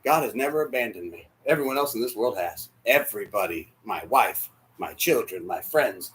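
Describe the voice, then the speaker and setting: A man preaching a sermon as pastor, emotional, dropping to near whispers and rising to shouts. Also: fairly low pitch, expressive, moderate pace. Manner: emotional, swings from hushed to shouting. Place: church sanctuary.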